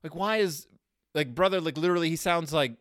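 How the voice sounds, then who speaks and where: A man casually hosts a podcast, reviewing a children's book in a rambling, sarcastic monologue with animated swings in pitch and loudness. He talks fairly quickly, and the studio recording is clean with no echo.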